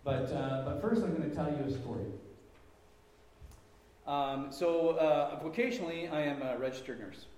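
A man's voice: fairly high pitch, moderate pace, long pauses, darkish tone. Man preaching in an echoey hall. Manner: rambling, many fillers and restarts. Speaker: lay speaker at church. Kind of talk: informal church talk with a personal story. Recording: echoey hall, speaker far from mic.

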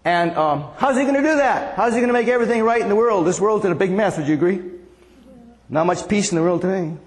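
A man's voice: sits high, expressive, quick pace. A man preaching a conversational sermon as pastor, asking the congregation questions. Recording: long hall reverb.

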